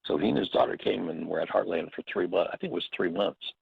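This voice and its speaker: A man's voice: low voice, fast talker, vocal fry, husky, no echo, narrow, tinny audio. A man teaching a workshop, telling stories and slipping into short acted quotes. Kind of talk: reflective spoken teaching.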